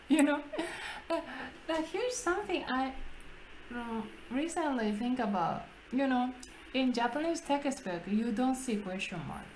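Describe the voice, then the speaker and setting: A woman hosting a casual language-practice chat, talking slowly, laughing often and restarting her phrases. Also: sits high, lively intonation, a little mellow, a little hiss or hum, rough recording. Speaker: English conversation partner and host.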